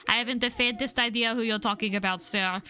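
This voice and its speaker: A woman's voice: on the high side, fairly even intonation, quick pace, sharp tone. A woman voicing a surly male East End pub barman in a put-on London accent, sneering and scornful.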